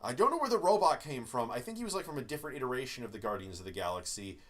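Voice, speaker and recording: A man co-hosting a podcast, chatting casually about a movie with jokes and the odd swear word. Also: mid-range voice. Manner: animated, swearing, quick jokes. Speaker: podcast co-host. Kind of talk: casual movie review chat.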